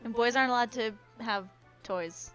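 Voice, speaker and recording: Woman, early 20s, playful quick chatter, bright tone, fairly high voice, faint music behind. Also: smooth. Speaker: co-streamer. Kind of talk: casual chat during a game stream.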